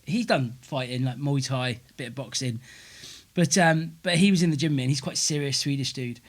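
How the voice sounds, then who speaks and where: A man's voice: mid-range voice, a little fast. A man, a comedian co-hosting, telling gym stories in casual banter and laughing often. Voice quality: laughs often, chatty, acts out quotes. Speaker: comedian co-host.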